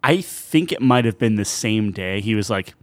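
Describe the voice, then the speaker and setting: A man's voice: on the low side, expressive, moderate pace, dry recording. A man in his thirties co-hosting a casual chat, rambling and cutting himself off, often laughing. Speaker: podcast co-host.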